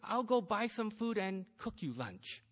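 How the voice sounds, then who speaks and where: A man voicing a pushy, overbearing middle-aged mother, talking brisk and insistent. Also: high-pitched, big pitch swings, fairly bright tone, in a large hall, voice pushed up, full character voice. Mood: bright, pushy.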